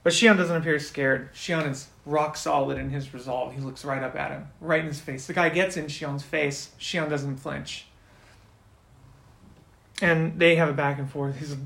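A man running a tabletop role-playing game as game master, narrating the scene and now and then voicing characters with sudden loud outbursts. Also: a little high, fairly even intonation, moderate pace, creaky, reverberant.

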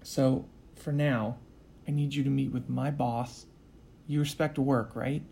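A man voicing an earnest young male rescuer who talks softly and quietly, stumbling over his words as he apologizes and pleads. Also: medium pitch, fairly even intonation, gravelly, a little hiss or hum. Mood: gentle pleading. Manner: soft, quiet, halting with repeated restarts.

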